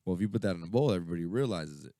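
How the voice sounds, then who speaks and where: A man's voice: deep voice, lively intonation, very fast, dark tone, no room sound, clean studio sound. A man co-hosting a casual radio chat, rambling and swearing, full of fillers and restarts. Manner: rambling, profane storytelling with many fillers. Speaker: radio show co-host.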